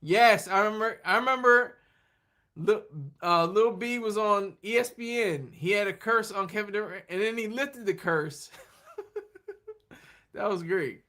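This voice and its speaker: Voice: mid-range voice, unhurried, pushed and bright. A livestream host chatting casually and rambling, laughing often and answering comments from the chat while running on fumes.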